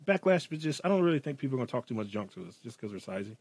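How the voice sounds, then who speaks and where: Husky guy on a podcast, rambly storyteller, dry close mic. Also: medium pitch, sing-song, very fast, a little mellow, no room sound. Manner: rambling storyteller, laughs through stories. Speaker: podcast co-host. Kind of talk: casual podcast banter.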